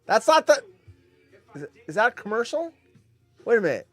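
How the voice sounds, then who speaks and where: A man's voice: high-pitched, big pitch swings, normal speed, a bit bright, no echo, faint music behind. A man hosting a live-stream show alone, reacting with sarcastic, rambling commentary and muttered asides. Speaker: show host.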